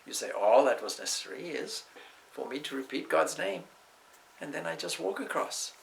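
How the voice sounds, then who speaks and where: A man's voice: on the high side, very animated, normal speed, creaky, a little hiss or hum, voice pushed up, heavily acted, rough recording. A man voicing a simple, earnest young milkmaid who explains herself plainly, inside a spoken story. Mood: innocent.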